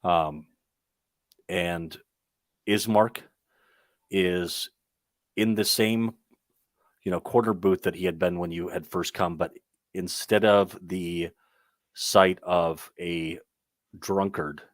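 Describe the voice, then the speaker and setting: A man's voice: low-pitched, fairly even intonation, takes it slowly, long pauses, dry recording, clean studio sound. A young man narrating a tabletop game as game master, rambling along with many ums and restarts.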